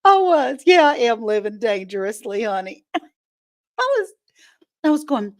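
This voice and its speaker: A woman hosting a casual live stream, telling animated stories in folksy words and laughing often as she greets viewers. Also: medium pitch, slow, pauses often. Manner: folksy, homespun talk.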